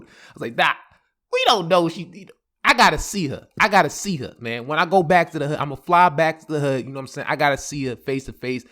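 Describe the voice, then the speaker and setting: A man telling a casual storytime, animated, laughing often and jumping his voice up high when he quotes other people. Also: brisk.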